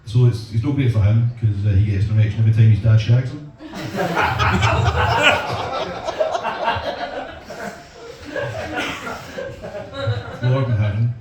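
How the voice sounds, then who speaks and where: A man's voice: medium pitch, very animated, extremely slow, pauses often. A Scottish man doing a crude, self-deprecating stand-up set in a comedy club, bantering with the crowd. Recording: echoey club from far off, loud noise.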